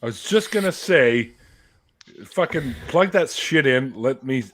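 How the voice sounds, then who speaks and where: Lively-pitched man hosting a casual chat. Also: measured pace, a little hiss or hum. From Canada. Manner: joking, lively banter. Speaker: host.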